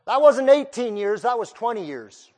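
A man's voice: very high voice, very animated, normal speed, darkish tone. A male preacher delivering a sermon, putting pointed questions straight to his listeners. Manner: questions the listeners directly, emphatic.

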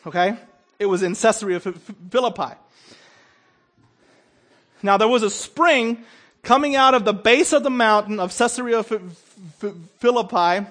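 A man with a high-pitched voice preaching a sermon. He trips over the starts of words and repeats them, and often checks in with his listeners. His delivery swings between loud, emphatic bursts and hushed, low asides. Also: normal speed, pauses often. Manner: stumbles and repeats opening sounds, checks in with "Okay?".

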